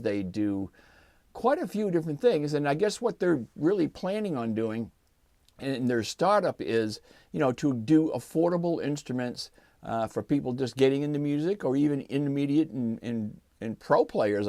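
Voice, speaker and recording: A man's voice: medium pitch, dry recording. Older man casually reviewing a guitar. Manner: relaxed, chatty, explains as he goes. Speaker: guitar reviewer and channel host. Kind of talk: casual product review and demo.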